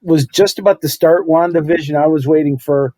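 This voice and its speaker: A man's voice: on the high side, steady tone, a little fast, mellow, no room sound. A middle-aged man co-hosting a podcast in casual chat, rambling and correcting himself as he goes. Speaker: podcast co-host.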